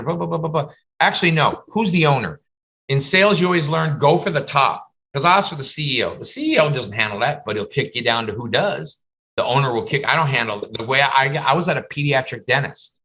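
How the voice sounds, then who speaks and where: A man's voice: fast talker, rough recording. A man giving casual business advice to beginners on a video call, acting out little dialogues as he goes. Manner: animated, acts out little dialogues in higher voices. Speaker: face painting business instructor.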